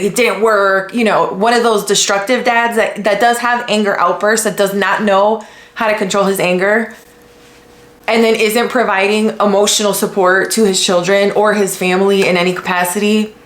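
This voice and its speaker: A woman from the United States hosting a podcast, talking in a blunt, casual way with lots of swearing and animated retellings. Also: mid-range voice, normal speed. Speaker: podcast host. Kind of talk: casual commentary. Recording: echoey room.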